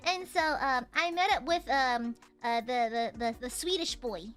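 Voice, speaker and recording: A woman streamer telling a story in casual chat, animated, laughing often and swearing casually. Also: high voice, a little slow, faint music behind.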